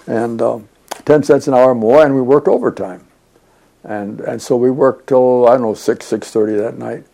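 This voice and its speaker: A man's voice: medium pitch, steady tone, moderate pace, creaky, warm tone. An older man being interviewed, recounting his past in a rambling, chatty way with many fillers. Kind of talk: oral history storytelling.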